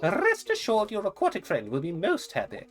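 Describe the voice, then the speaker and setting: A woman's voice: medium pitch, wildly swooping pitch, moderate pace, faint music behind. A woman voicing a fussy, erudite male owl who runs a museum, with a prim, wordy and polite manner and a hooting catchphrase. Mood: pompous.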